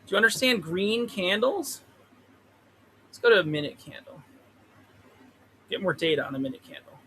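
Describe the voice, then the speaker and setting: At normal speed, a very animated man with a high, slightly bright voice streams his stock trading from a trailer, talking to the chart with plenty of rambling and swearing. The low-quality recording from his pop-filtered desk mic has slight background noise.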